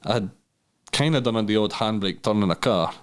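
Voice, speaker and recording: A Scottish man with a low voice tells a story in easy podcast chat. He swears freely and slips into other people's voices to act out conversations. His delivery stays loose and lively. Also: normal speed. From Scotland. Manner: swears freely, animated storytelling with acted-out dialogue. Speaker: podcast guest.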